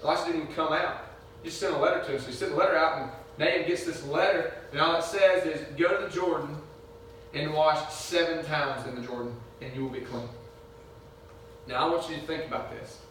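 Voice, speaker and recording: High-voiced preacher in an echoey church. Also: male voice, steady tone, brisk, fairly bright tone, slight background noise. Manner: conversational preaching, acting out biblical characters' speech. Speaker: pastor. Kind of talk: sermon. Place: church sanctuary. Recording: echoey sanctuary, mic from a distance.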